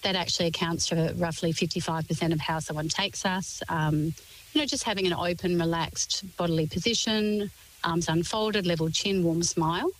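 A woman's voice: fairly low pitch, moderate pace, poor audio. Composed woman explaining. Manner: composed, articulate explaining in lists. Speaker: expert guest. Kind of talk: radio interview.

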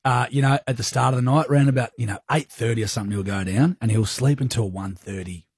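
A man's voice: mid-range voice, fast talker, darkish tone, husky, no room sound, clean studio sound. A man with an Australian accent, a radio host rambling through a story in casual, crude, self-deprecating banter. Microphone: studio microphone.

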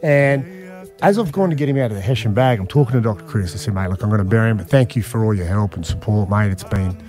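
An Australian radio host in his forties, his voice fairly low and quick, tells a long personal story in casual chat while faint music plays behind. He's animated and emphatic, sprinkling in plenty of "mate" and "man" fillers.

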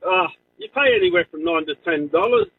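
A man's voice: on the high side, expressive, brisk, slightly rough. An Australian man calling in to a radio show, chatting nostalgically. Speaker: caller. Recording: tinny phone line.

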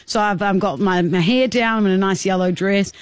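A woman's voice: mid-range voice, no echo. A young Australian woman co-hosting a radio show in a studio, chatty and playful in casual banter. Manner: chatty, playful, quick to laugh. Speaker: radio co-host. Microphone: studio microphone.

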